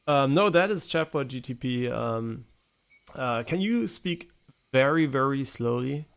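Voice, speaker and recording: A male game streamer chats casually on a live stream, swearing and laughing as he teases a voice assistant. His gravelly, medium-pitched voice is expressive, and he speaks at a measured pace.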